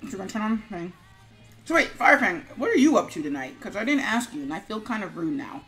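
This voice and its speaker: A woman's voice: mid-range voice, animated, fast, a bit bright, faint music behind. A woman streamer chatting casually to viewers while she works on an animation, rambling with lots of fillers and mumbling to herself.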